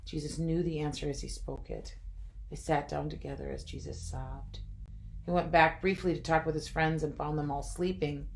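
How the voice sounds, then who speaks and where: Woman, low-pitched voice, devotional reading, reflective, wry asides, home recording. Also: steady tone, normal speed, creaky, darkish tone.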